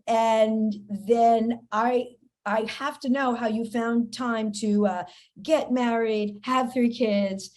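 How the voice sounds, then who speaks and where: A woman hosts her comedy podcast, talking in a loose, chatty way. She reads her own ads and drops quick self-mocking jokes between them. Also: a little high, fairly even intonation, a little mellow. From New York, USA. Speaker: podcast host. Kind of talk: casual podcast chat and host-read ads.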